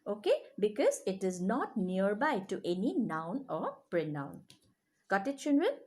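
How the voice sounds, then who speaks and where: Lively woman teaching grammar. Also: mid-range voice, unhurried. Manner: lively, checks understanding often. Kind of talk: grammar lesson to children.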